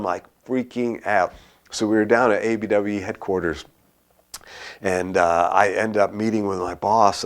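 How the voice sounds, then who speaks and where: A male pastor preaching a sermon, telling a personal story with animated, dramatized dialogue. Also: lowish voice. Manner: animated storytelling, acts out his own panic and a dialogue.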